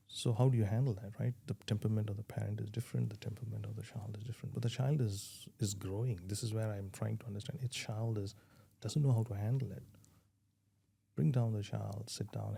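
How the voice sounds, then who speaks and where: A man's voice: fairly low pitch, steady tone, fairly quick, vocal fry, mellow, breathy edge. A man speaking earnestly in an interview, advising on parenting and restarting his sentences as he thinks. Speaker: parenting guest. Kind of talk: conversational interview answers.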